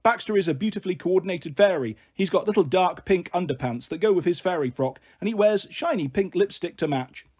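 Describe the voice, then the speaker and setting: A man's voice: high-pitched, lively intonation, brisk, few pauses, a little mellow, breathy edge. A man voicing a protective big-sister girl who spins playful, coaxing fairy stories in a storybook reading.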